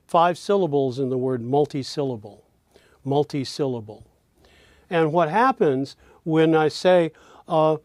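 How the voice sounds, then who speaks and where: A man teaching a lesson on speech rhythm, speaking slowly and deliberately and demonstrating words as he goes. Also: on the high side, no room sound. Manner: slow, deliberate, demonstrative delivery.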